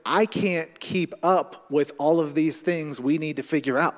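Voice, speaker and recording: A man's voice: on the high side, measured pace, close to an everyday voice. A man voicing a stressed neighbor who describes money and childcare worries. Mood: weary. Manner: weary, overwhelmed. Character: stressed, weary male neighbor. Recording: long hall reverb.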